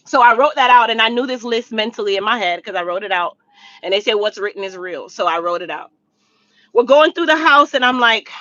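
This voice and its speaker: A woman's voice: a little high, lively intonation, brisk, pushed and bright, no room sound, dull audio. A woman telling a personal story to her viewers in a casual storytime vlog, talking to them directly and repeating points for emphasis. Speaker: storytime vlogger.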